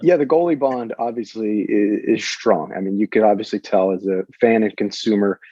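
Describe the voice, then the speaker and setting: A man's voice: on the low side, normal speed, warm tone, husky, dry recording, muffled recording. A man co-hosting a podcast, chatting with a guest in an upbeat, casual way. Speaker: podcast co-host.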